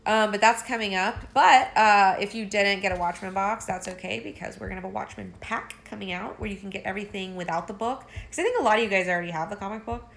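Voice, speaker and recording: A woman's voice: mid-range voice, quick pace, vocal fry, hardly any pauses, a bit bright. A woman talking casually to her viewers from home late at night, rambling and swearing, her sentences full of "like" fillers. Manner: rambling, profane, with many "like" fillers. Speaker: content creator.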